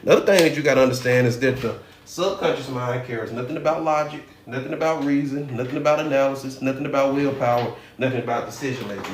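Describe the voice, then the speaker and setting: Animated middle-aged male hypnotherapist. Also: medium pitch. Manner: conversational and animated, with rhetorical questions to viewers. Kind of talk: live teaching talk. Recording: roomy room with faint noise.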